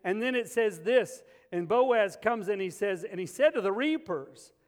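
Pastor guy preaching, high voice, funny animated stories, long hall echo. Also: normal speed. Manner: animated, humorous storytelling. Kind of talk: sermon. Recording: long reverb of a large hall.

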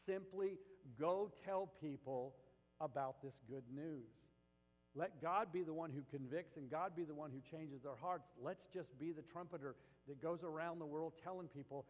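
Male pastor, fairly high voice, impassioned sermon delivery, recorded in an echoing sanctuary. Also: normal speed. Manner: impassioned, rising to emphatic peaks, acting out quoted voices.

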